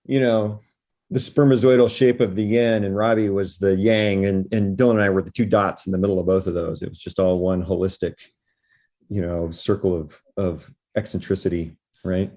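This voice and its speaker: A man's voice: deep voice, steady tone, normal speed, dark tone. A man, a podcast guest, telling stories in a laid-back, rambling way full of fillers. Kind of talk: animated anecdotal storytelling.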